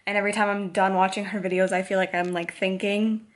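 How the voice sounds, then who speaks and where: A young woman vlogger from Michigan, with a slight Upper Michigan accent, talks fast in a medium-pitched, flat voice. She chats casually to camera indoors at home in a rambling vlog packed with "like" fillers, recorded on the camera mic.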